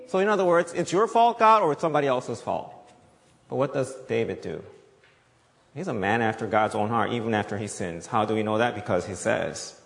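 A man's voice: medium pitch, lively intonation, normal speed, creaky, a bit bright. Emphatic male preacher in a reverberant hall. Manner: emphatic, repeats key points, asks the audience questions. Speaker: pastor. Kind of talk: sermon. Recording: long echoey reverb.

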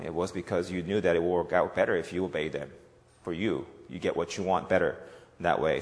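A man's voice: deep voice, long reverb tail. A man preaching a sermon in a conversational way, often checking in with "right?". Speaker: pastor.

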